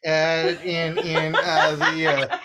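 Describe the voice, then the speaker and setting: A man's voice: a little high, completely flat delivery, very slow, heavy background noise. A man voicing a plain, boastful male dragonborn commoner who rambles and cusses in a rural redneck drawl. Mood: folksy ranting.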